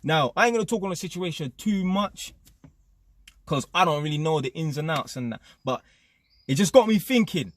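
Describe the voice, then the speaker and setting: A young man hosting a channel rants his opinions to camera in slangy, streetwise talk, constantly tacking on tag questions such as "innit." His voice sits on the high side and is expressive, moving at normal speed, with no room sound in the recording.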